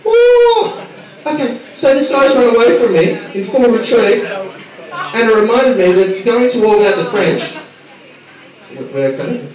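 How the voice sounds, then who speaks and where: A man's voice: high-pitched, expressive, normal speed. Brash sweary Australian stand-up man. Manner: brash, sweary, teasing the audience. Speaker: stand-up comedian. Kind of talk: stand-up routine with crowd work. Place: small comedy bar. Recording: echoey club from far off, crowd laughter.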